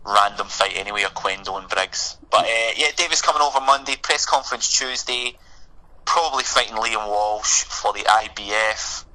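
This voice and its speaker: A man's voice: on the low side, moderate pace, sharp tone, low-quality recording. A man co-hosting a boxing podcast in casual, sweary, jokey chat. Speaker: podcast co-host.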